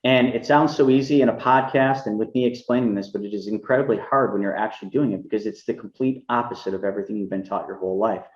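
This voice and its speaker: A man's voice: lowish voice, fast, hardly any pauses. A man in the middle of his range speaks as a podcast guest, full of energy and throwing himself into retelling conversations. His voice carries a roomy echo, and the sound is a little dull and lo-fi. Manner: energetic, acts out quoted dialogue in a raised voice. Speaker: guest, money mentor. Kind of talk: animated storytelling interview.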